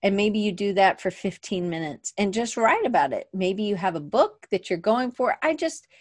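A woman's voice: mid-range voice, expressive, normal speed, dry recording, studio quality. A woman hosting a casual livestream from her desk, rambling and chatty, often restarting her sentences. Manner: moves around at her desk. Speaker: podcast host. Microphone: webcam at desk.

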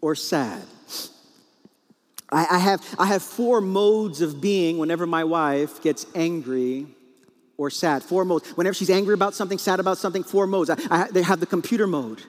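A man's voice: high voice, moderate pace. A man in his forties preaching a sermon, telling a comic story about his marriage and acting out the voices in it. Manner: storytelling with comic acted quotes. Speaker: pastor. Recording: long reverb in a large hall.

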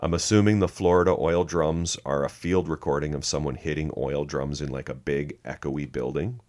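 A man's voice: extremely low pitch, fairly even intonation, moderate pace, darkish tone. A man co-hosting a music podcast, walking through a record track by track in casual chat, dry and sarcastic with frequent laughs. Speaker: podcast co-host.

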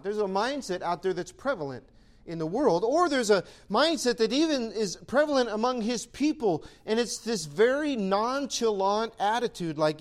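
Animated man preaching with lively pitch. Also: moderate pace. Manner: animated preaching, acting out imagined voices. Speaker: pastor. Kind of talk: sermon.

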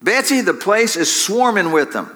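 A man's voice: big pitch swings, moderate pace, sharp tone, full character voice. A man voicing a frightened young woman who wails in dismay, while reading a story during a sermon. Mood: alarmed wailing. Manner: high, shrill, alarmed.

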